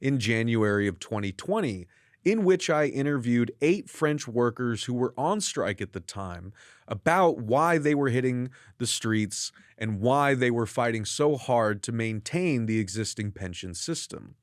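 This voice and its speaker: A man's voice: medium pitch, animated, measured pace, dry recording. A man from the United States hosting an interview from a studio, earnest and friendly, with long, winding questions.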